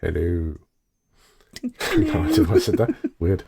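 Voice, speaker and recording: A man presenting a jokey news segment on a casual podcast, deadpan with crude asides. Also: sits low, a little slow, creaky. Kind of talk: casual chat.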